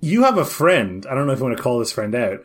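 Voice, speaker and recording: Fast, eager male podcast co-host. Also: medium pitch, very animated. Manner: enthusiastic, stammers and restarts. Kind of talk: casual podcast chat.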